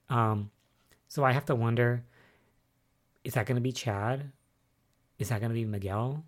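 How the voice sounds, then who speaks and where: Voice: medium pitch, normal speed, long pauses. A podcast host recapping soap episodes in a casual solo chat, rambling and musing aloud with lots of fillers. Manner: excitable and spoiler-wary.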